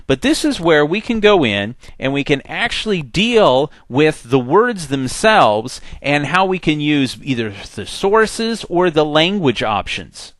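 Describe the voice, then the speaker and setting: A man teaching a software tutorial in a conversational, step-by-step way. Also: a little high, big pitch swings, a little slow, hardly any pauses, no echo. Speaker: software instructor. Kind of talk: screen-recorded tutorial.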